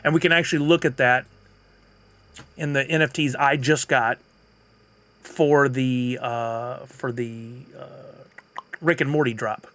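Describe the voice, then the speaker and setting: A man's voice: mid-range voice, steady tone, a little slow, long pauses, a bit bright. A man streaming live, chatting casually and answering viewers' comments. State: has the hiccups.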